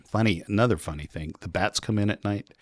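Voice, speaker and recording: A man, a podcast guest, telling animated, rambling stories in casual chat. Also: on the low side, a little fast, dry recording, studio quality. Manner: rambling, animated anecdotes with quoted voices. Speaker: podcast guest, local publisher.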